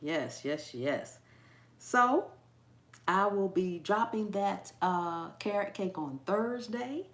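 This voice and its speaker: A cooking channel host with an animated, mid-range voice takes her time in a reverberant space. During a casual live chat with viewers, she often laughs at herself and trips over a word, repeating it.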